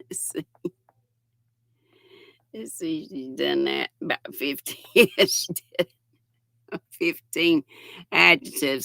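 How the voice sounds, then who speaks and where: An older woman chats slowly and warmly through a yarn show-and-tell, greeting viewers as she goes. Her voice is bright with a gravelly edge, and the sound is dry and close. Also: sits low, no room sound. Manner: chatty, reads viewer comments aloud with affectionate greetings. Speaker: livestream host. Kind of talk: casual chat while showing yarn.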